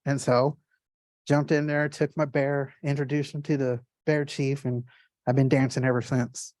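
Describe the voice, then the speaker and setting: A man giving a casual gallery art talk, telling stories in excited, quick bursts with lots of fillers and restarts. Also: medium pitch, no room sound, clean studio sound. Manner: animated storyteller with many fillers and restarts.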